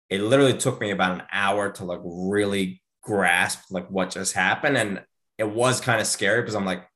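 A man in his thirties, a podcast host, telling a story in casual chat, animated and acting out the quotes with big jumps in pitch.

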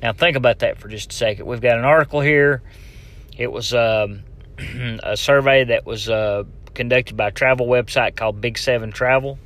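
A man's voice: medium pitch, steady tone, moderate pace, a bit bright. Joking podcast host man. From Tennessee. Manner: rambling, joking, talks straight to the listener. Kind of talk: casual solo podcast monologue.

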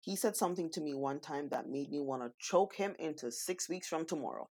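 A woman co-hosting a casual talk, telling stories in an animated way and acting out what people said. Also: sits low, brisk. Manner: animated storyteller, acts out quotes. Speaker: co-host. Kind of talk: casual chat.

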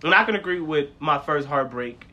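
A man's voice: fairly high pitch, brisk. A man co-hosting a casual podcast, telling stories with lots of profanity and acting out people he talks about. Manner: animated storytelling with impressions, profane. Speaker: podcast co-host.

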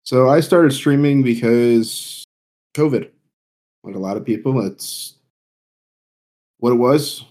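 A man's voice: medium pitch, slow, long pauses, mellow. A man talking plainly as a guest on a casual streaming podcast.

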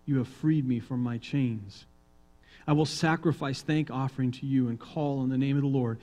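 A male pastor preaching a sermon, reading psalms aloud and swinging between hushed, quiet reading and loud, emphatic proclaiming. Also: medium pitch, fairly even intonation, moderate pace, low-quality recording.

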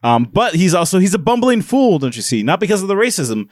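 A man's voice: sits high, very animated, a little fast, darkish tone, no room sound, studio quality. A man co-hosting a casual book podcast, rambling through plot summaries with many fillers. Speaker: podcast co-host.

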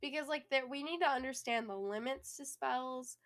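A young woman co-hosting a casual book podcast, animated and quick to laugh. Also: sits high. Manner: giggly, animated. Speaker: podcast co-host.

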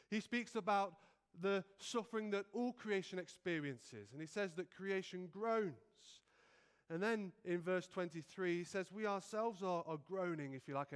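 A nervous male preacher gives an evening sermon into a stand mic. His voice is high for a man and notably clear and resonant. He talks earnestly and humbly and often restarts his phrases. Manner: earnest, self-effacing, with frequent restarts.

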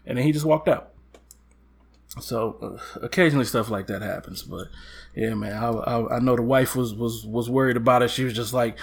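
A man co-hosting a casual chat, telling stories with lively acted-out quotes and laughter. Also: mid-range voice, fairly quick, breathy edge. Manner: animated, acts out quotes with loud jumps and laughs. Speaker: podcast co-host.

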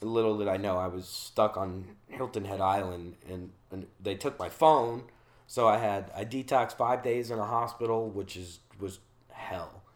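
A man from Charleston, South Carolina, speaks as a guest in a somewhat low voice at normal speed, casually relating a long story about his stay in rehab. He curses freely and puts on voices for the people he quotes.

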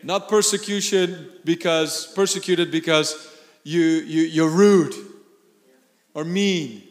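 A pastor preaching a sermon, animated, laughing and shouting for emphasis. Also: male voice, a little high, takes it slowly, long reverb tail.

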